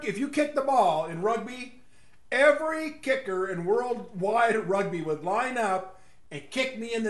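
A man with a fairly high voice rambles through a casual, opinionated monologue. He mocks his targets and chuckles at his own jokes. His voice rings in an echoey room. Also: fairly bright tone. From West Texas.

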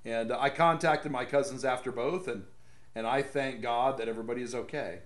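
A man's voice: medium pitch, fairly quick. A man hosting casual political commentary in a sarcastic tone, laughing at his own jokes. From American South. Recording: echoey room.

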